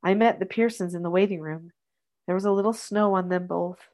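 A middle-aged woman hosting a podcast, reading a story aloud in a gentle, soft-spoken way and chatting afterward. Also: fairly low pitch, steady tone, a little fast.

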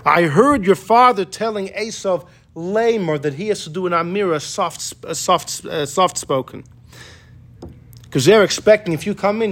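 Animated male Torah teacher, mid-high voice, casual classroom delivery, acts out quotes. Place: classroom with students.

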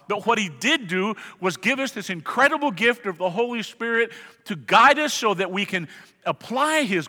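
A man's voice: sits high, pushed and bright. A man preaching a sermon in a church, talking conversationally and with emphasis, often asking the congregation questions. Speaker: pastor. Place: church sanctuary. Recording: long reverb of a large hall.

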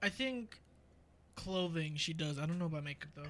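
A young man co-hosting a podcast, telling stories in an animated, giggly way during casual chat. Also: a little high, normal speed, background noise. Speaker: podcast co-host.

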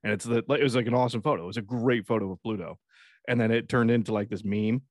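A man co-hosting a casual chat, telling a story with lively voices and a lot of laughter. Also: on the low side, racing, no room sound.

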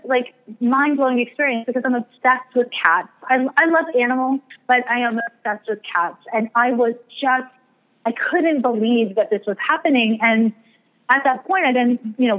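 Woman guest telling a rambling story, slightly high voice, phone-thin sound. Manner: chatty, rambling, self-deprecating. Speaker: astrologer and psychic medium guest. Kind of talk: casual storytelling interview. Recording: tinny phone-like radio line.

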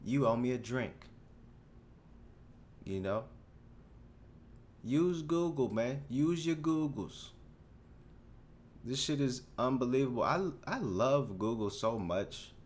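A man in his twenties hosting a solo podcast, rambling through a story in a casual, profane, animated way, full of restarts. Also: mid-range voice, slow pace, pauses often. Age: 20s. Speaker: podcast host.

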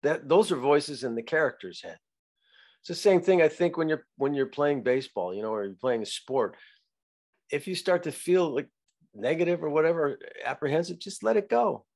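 A man speaking as a podcast guest in casual conversation, reflective and halting, often restarting his sentences. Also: a little high, animated, darkish tone. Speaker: actor guest.

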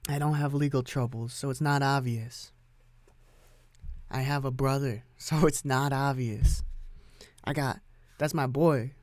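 Young man, solo podcast, rambling and profane, offhand, dry close sound, middle pitch. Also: steady tone, takes it slowly, darkish tone, no echo. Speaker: podcast host. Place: home music recording setup.

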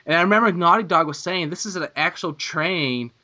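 A man co-hosting a gaming podcast, chatting casually and getting excitable and gushing when thrilled. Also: a little high, brisk, lo-fi sound. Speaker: podcast co-host.

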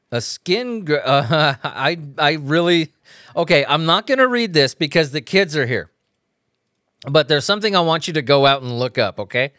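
A man chatting casually on his podcast, profane and rambling, often breaking into laughter. His voice sits a little higher than most men's. The sound is dry and close, from a microphone on a stand. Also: lively intonation, measured pace, a bit bright, clear, resonant tone, no room sound. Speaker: podcast host. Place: at home.

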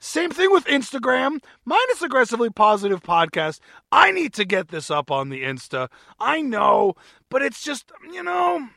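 A man's voice: extremely high pitch, wildly swooping pitch, moderate pace, gravelly, bright, forceful tone, dry recording, clean studio sound. A man hosting a podcast on his own, upbeat and jokey with a self-mocking streak. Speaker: podcast host. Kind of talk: solo podcast chat.

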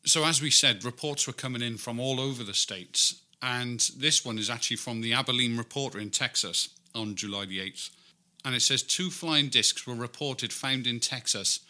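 A man's voice: medium pitch, moderate pace, pushed and bright. Wry British man reading old news. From Britain. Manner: chatty and wry, swears casually. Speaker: podcast co-host. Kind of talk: casual chat, reading old newspaper articles aloud.

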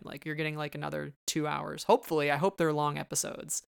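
Host, middle pitch, smooth and crisp, lively and acts out quotes. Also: a little fast, hardly any pauses, dry recording, studio quality. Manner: animated, quotes scenes in voices. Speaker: podcast host. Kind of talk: casual chat.

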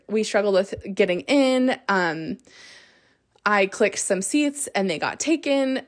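A woman in her thirties hosting a podcast, telling a story in an excitable, chatty way full of fillers. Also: mid-range voice. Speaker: podcast host. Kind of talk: casual chat.

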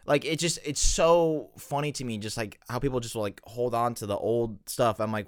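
A young man hosting a solo podcast, rambling and animated in a casual rant full of fillers. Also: medium pitch, moderate pace, few pauses, clear, resonant tone, no room sound, clean studio sound. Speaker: podcast host.

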